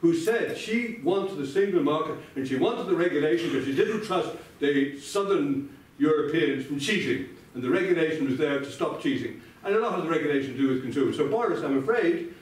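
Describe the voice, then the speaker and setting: Animated and a little fast, this older man from Ireland speaks in a higher register as a debate speaker. Addressing his opponent by name in a sardonic speech, he's recorded from a distance in a large, echoey indoor debating chamber.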